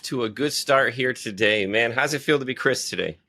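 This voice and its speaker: A man's voice: medium pitch, a little fast, bright, forceful tone. A man from Michigan hosting a podcast interview, with an upbeat, hyped delivery full of "uh" fillers. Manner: upbeat, hypey, many "uh" fillers. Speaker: podcast host.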